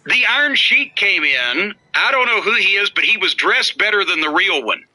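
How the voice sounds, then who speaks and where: A man's voice: high voice, very animated, normal speed, pushed and bright, low-quality recording. A middle-aged man hosting a podcast, telling wrestling stories in a blunt, profane, mocking way. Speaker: podcast host, former wrestling worker. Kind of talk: casual storytelling chat.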